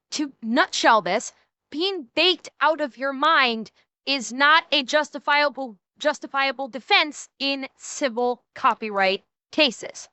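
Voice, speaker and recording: Woman streamer with a high, bright voice and a dry, close sound; emphatic, ranting, swears freely. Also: no room sound. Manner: quick shifts between mocking and serious. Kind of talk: casual reaction stream commentary.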